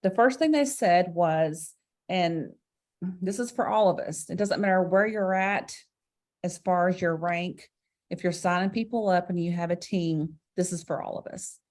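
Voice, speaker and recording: Lower-voiced woman hosting a chat. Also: darkish tone. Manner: measured, encouraging, leads the topics. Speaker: host. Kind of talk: casual recap chat.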